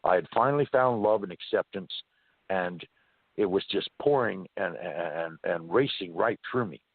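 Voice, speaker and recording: Husky-voiced man telling a story by phone. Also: low voice, moderate pace, no echo. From California. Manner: animated, folksy storyteller. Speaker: interview guest. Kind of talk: first-person storytelling. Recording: dry muffled phone line.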